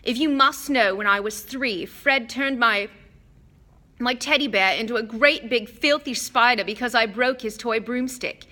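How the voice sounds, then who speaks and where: A woman reading an audiobook, voicing a blunt, jumpy schoolboy who speaks gruffly. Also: a little high, a little slow, pushed and bright, voice pushed up.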